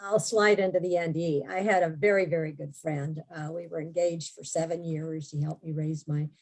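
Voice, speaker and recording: An older woman, a guest author, telling her life story in an interview with warm storytelling and easy laughter. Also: sits low, steady tone, fairly quick.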